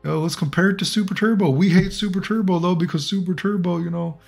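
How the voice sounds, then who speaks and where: A man putting on a high, mocking voice to imitate an overexcited, gushing fighting-game fan. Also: fairly even intonation, fast, creaky, faint music behind.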